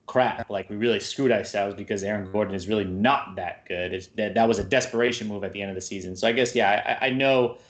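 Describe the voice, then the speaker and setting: A man's voice: fairly low pitch, steady tone, fast, few pauses. A man co-hosting a casual sports talk show, speaking in a loose, slangy way full of "dude" and "like". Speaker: sports podcast co-host.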